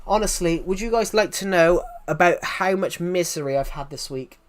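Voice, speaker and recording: A man's voice: high voice, normal speed. A man with a Southwest English accent chatting casually on a live stream, rambling and answering viewers' messages. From England. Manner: rambling, restarts often, answers chat.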